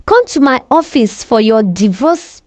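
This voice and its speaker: A woman's voice: a little high, expressive, a little slow, darkish tone, no echo. A woman voicing a stern betrayed husband, a politician, cold and dismissive.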